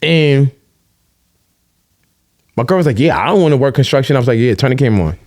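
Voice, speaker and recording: A man in casual chat, telling animated stories in streetwise slang and swearing freely. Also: mid-range voice, fast talker, no room sound, clean studio sound. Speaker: podcast guest, vlogger.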